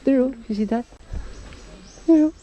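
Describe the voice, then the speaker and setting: A woman's voice: high-pitched, moderate pace, muffled recording, a little hiss or hum. A woman outdoors in a nature park, talking to a baby in a sing-song, coaxing way and pointing things out. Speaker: parent showing a baby around. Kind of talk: casual baby talk.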